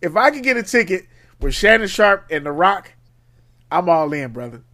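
A man co-hosting a podcast, chatting casually and profanely, often jumping into high mimicking voices. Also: sing-song, normal speed, sharp tone. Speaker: podcast co-host. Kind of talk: casual chat.

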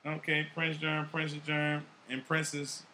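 A man hosting a podcast in casual chat, animated, with heavy swearing and street slang. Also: on the high side, measured pace, slight background noise. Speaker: podcast host.

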